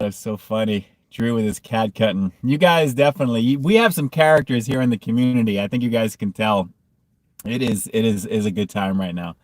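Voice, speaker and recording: A man's voice: mid-range voice, a little fast, no room sound, clean studio sound. A man hosting a casual food review livestream, reading chat comments and often breaking into hard laughter.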